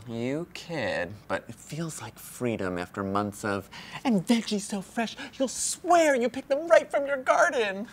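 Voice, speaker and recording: A woman's voice: mid-range voice, animated, measured pace, a little hiss or hum, lightly acted. A woman playing a veteran telemarketer who gossips in whispered asides, in a comedy audio drama. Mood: gossipy. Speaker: veteran telemarketer mentoring a new hire.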